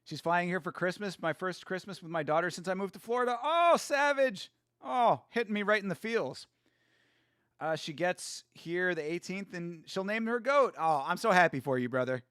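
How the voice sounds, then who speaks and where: High-voiced man cursing through fight commentary. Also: normal speed, clean tone, dry recording, studio quality. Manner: excitable, profane, trash-talking; reads viewer chat aloud and answers it. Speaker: host. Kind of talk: casual live watch-along commentary.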